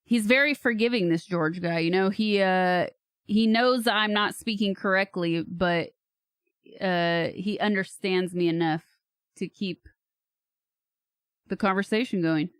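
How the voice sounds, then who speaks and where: A woman's voice: mid-range voice, unhurried, pauses often, clear, resonant tone, dry recording, studio quality. A woman from California streaming live, thinking aloud in a hesitant way and laughing at herself. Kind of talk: casual livestream chat.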